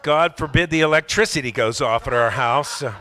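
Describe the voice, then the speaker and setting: A man doing a rambling, self-mocking stand-up comedy set on a club stage, often slipping into loud put-on voices. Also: medium pitch, fairly quick.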